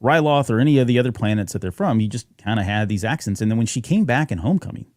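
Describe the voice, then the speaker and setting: A man's voice: medium pitch, expressive, racing, darkish tone, no room sound, studio quality. A man co-hosting a fan podcast, chatting casually and rambling with fillers and restarts. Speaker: podcast co-host.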